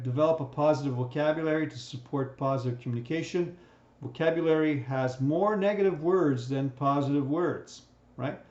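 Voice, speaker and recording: A man's voice: a little high, darkish tone. Man lecturing in a roomy, dull recording. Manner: conversational, repeats "right?" often, frequent restarts. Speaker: instructor.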